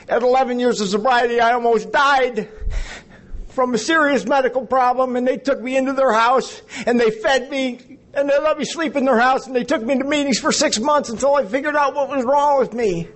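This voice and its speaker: A man's voice: very high-pitched, a little fast, a bit bright. A man in his fifties sharing his story at a recovery meeting, a rambling storyteller who jokes with the audience. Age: 50s. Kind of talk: personal testimony to an audience.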